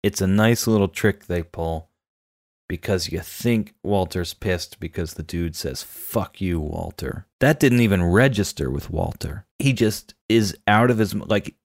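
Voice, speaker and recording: A man co-hosting a casual chat about a film, animated and laughing often. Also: deep voice, a little slow, no room sound, studio quality. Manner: animated, laughs often, acts out quoted lines. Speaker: film podcast co-host.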